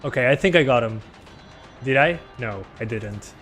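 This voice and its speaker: A man whose first language is Spanish, streaming a game in English, rambling in a relaxed, self-deprecating way and reading his chat aloud. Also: mid-range voice, moderate pace, over music. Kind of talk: casual gameplay chat.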